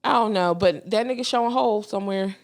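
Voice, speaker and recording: A woman co-hosting a podcast, chatting casually with loud laughs and slangy banter. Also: mid-range voice, fast. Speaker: podcast co-host. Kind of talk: casual chat.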